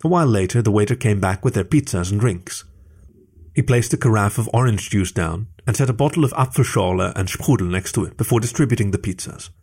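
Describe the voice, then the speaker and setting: Husky low-voiced male storyteller. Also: a little mellow. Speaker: story narrator. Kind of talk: scripted narration.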